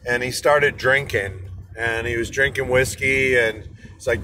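Stuck in rush hour traffic in his car, an inspirational speaker tells a motivational story, rambling with many fillers and restarts. His mid-range voice has little pitch movement and a measured pace.

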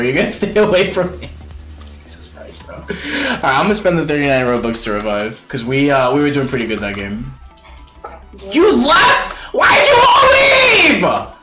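A young man streaming a video game live, chatting excitably to viewers in slang and calling everyone bro. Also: fairly high pitch. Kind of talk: live gameplay commentary.

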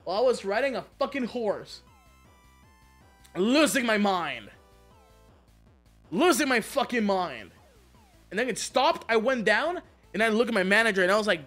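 A man streaming a game, chatting casually and telling stories, excitable and swearing a lot with frequent laughter. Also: high voice, normal speed, pauses often, faint music behind. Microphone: streaming mic.

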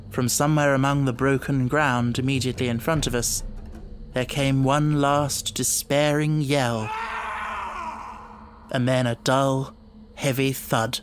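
A man narrating an audiobook in a steady, dramatic storytelling manner. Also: mid-range voice.

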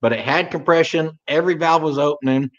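A slightly high voice, a little fast, comes through a muffled recording. It belongs to an Oklahoma man co-hosting a livestream, chatting in a loose, rambling drawl.

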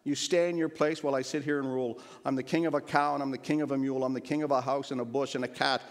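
A man putting on a pompous, bellowing turtle king from a storybook, his voice pushed high and loud as he brags and commands. The sound rings with a long church reverb. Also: steady tone, quick pace, lightly acted. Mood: boastful. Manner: shouting, bragging, imperious. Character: boastful tyrant turtle king, male.

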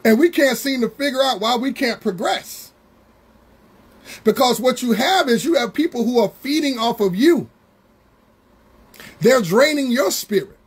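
A man preaching a Bible study sermon, drawing words out slowly for emphasis and calling out to members of the congregation. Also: very high voice, expressive, breathy edge. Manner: preaching with slow, drawn-out emphasis and call-outs to congregation members.

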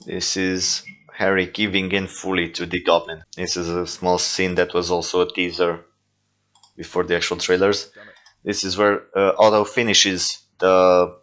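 A young toy film creator with a deep, low, fairly bright voice gives loose, casual commentary on his own movies. He isn't a native English speaker and keeps stopping to say "uh" and correct himself.

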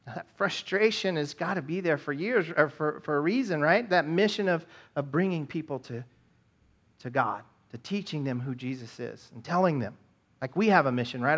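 A man with a fairly high, bright and forceful voice preaching a sermon in a church. He talks in a conversational way, tossing "right?" at the congregation and asking them rhetorical questions. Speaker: pastor.

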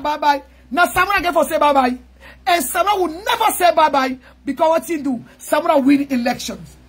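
A woman with a Sierra Leonean Krio accent giving a rousing political speech to supporters, fiery and chanting slogans, often shouting. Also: very high voice. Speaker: political activist addressing supporters.

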